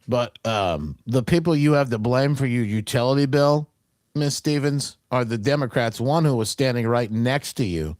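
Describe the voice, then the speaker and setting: A man's voice: mid-range voice, normal speed, no room sound, studio quality. A male talk show host giving opinionated political commentary in a mocking way, full of restarts. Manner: mocking, animated, trailing restarts.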